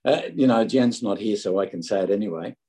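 A man's voice: on the low side, a little fast, mellow, a little hiss or hum, rough recording. A middle-aged Australian man preaching a sermon in a conversational, anecdotal way, often stumbling and restarting words.

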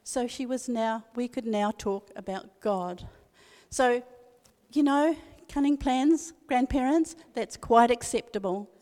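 A woman's voice: on the high side, takes it slowly, a little mellow. An older woman giving an earnest devotional talk at a church meeting, telling a family story and repeating key phrases for emphasis. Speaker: speaker at a women's church meeting. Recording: long reverb of a hall.

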